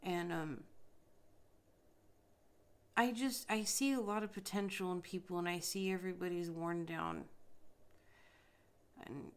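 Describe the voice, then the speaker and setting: A woman's voice: fairly low pitch, measured pace, pauses often, smooth. A woman hosting a podcast, talking bluntly and emphatically in a casual spiritual monologue, with frequent swearing. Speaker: podcast host.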